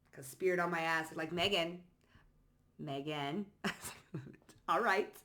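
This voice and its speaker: A psychic tarot reader with a somewhat low, sharp-toned voice walks through a reading loosely and casually. Blunt, sassy and freely swearing, she reads card phrases out in short bursts.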